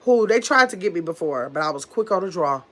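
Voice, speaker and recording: A woman livestream host with a fairly low, somewhat bright voice talks fairly quickly with lively intonation as she reads the live chat. Chatty and distracted, she calls her viewers "y'all" while recovering from an illness.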